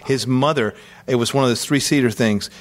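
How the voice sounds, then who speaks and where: A man's voice: mid-range voice, fairly quick. A man chatting casually in a recording studio, telling stories with jokes and casual swearing. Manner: storytelling, jokey, swears casually. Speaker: musician guest. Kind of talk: casual chat.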